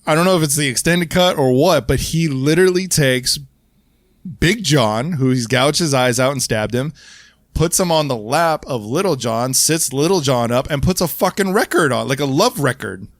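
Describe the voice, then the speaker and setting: A man hosting a podcast in casual chat, retelling film scenes in a rambling, profane, animated way. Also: medium pitch, moderate pace, no echo, studio quality. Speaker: podcast host.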